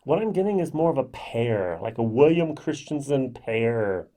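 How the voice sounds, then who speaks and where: A man's voice: mid-range voice, very animated, normal speed, warm tone. A middle-aged man giving a casual whisky tasting review to camera, chatty and thinking aloud with lots of ums and self-corrections.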